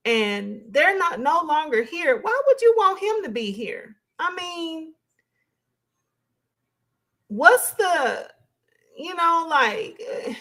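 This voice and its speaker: A woman commentating on a live reaction stream, animated and questioning. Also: very high-pitched.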